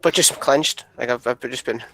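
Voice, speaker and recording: A man playing in character at a tabletop game, uncertain and halting. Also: medium pitch, sharp tone, slight background noise. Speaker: player. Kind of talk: in-character tabletop role-play.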